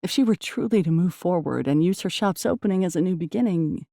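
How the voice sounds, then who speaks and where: A woman reading a romance novel aloud in an even, measured storytelling manner. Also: fairly low pitch, gravelly, no room sound, studio quality. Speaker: audiobook narrator. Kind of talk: scripted narration.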